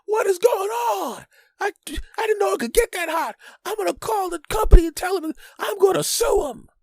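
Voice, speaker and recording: A man playing a panicked homeowner who yells in a shrill, high-pitched voice. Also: lively intonation, moderate pace, dry recording. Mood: outraged. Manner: shrieking, high-pitched yelling.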